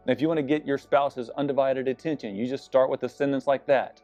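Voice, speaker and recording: Quick and darkish in tone, a medium-pitched male voice preaches a sermon built around a personal story, earnest and confessional with a self-deprecating streak. Faint music sits behind the somewhat dull-sounding recording.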